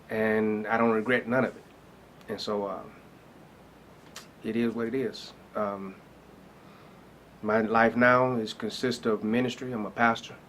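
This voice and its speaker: A man's voice: fairly low pitch, slight background noise. A man, a pastor telling his personal story in a loose, casual way with many fillers. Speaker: pastor and rapper.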